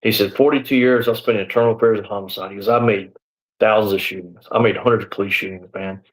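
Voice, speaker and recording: A man's voice: lowish voice, fairly even intonation, fast, rough recording. A man in his sixties, a former deputy, telling his story in a live interview. He rambles a little, leans on "you know" and "man", and acts out the back-and-forth of the people he quotes.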